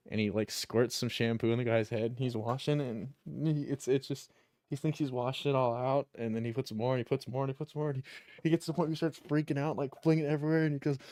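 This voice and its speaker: A man's voice: mid-range voice, warm tone, dry recording. A young man streaming a game, chatting casually in a rambling, profane way while he plays. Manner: rambling, profane, chuckles while telling stories. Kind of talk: casual chat while gaming.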